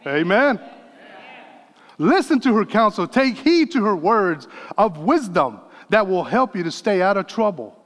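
Man, 50s, pastor, sermon, earnest, folksy asides, high voice, long reverb. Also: sing-song, a little slow, a bit bright.

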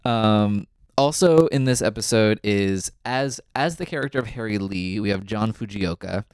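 A man's voice: on the low side, normal speed, darkish tone, smooth, no room sound, studio quality. A man co-hosting a podcast, casually recapping a TV episode, chatty and often laughing, with lots of ums. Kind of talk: casual chat.

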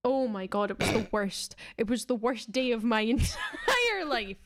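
A woman's voice: on the high side, sing-song, unhurried. A young Scottish woman co-hosting a podcast, telling stories in chatty, casual talk and laughing a lot. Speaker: podcast co-host. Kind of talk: casual storytelling chat.

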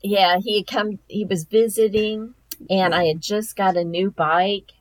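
A woman's voice: medium pitch, measured pace, dry recording, low-quality recording. A middle-aged woman chatting casually, telling family stories and laughing often. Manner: laughs often, lively storytelling. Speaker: co-host, mother of the host. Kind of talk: casual chat.

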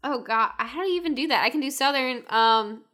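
A woman's voice: sits high, animated, fairly quick, pushed and bright. A woman hosting a casual podcast over a remote call, chatty and self-mocking, laughing often. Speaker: podcast host. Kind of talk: casual chat.

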